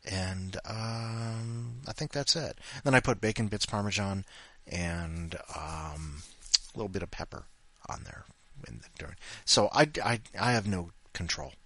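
A man's voice: sits low, unhurried, a bit bright, dry recording. A man hosting a podcast, rambling in a self-deprecating, jokey way between segments. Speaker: podcast host. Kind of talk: casual chat.

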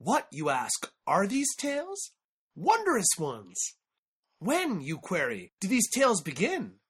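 A woman's voice: mid-range voice, wildly swooping pitch, takes it slowly, slightly rough. A woman presenting a story segment with a playful, theatrical and teasing delivery. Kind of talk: playful showy introduction.

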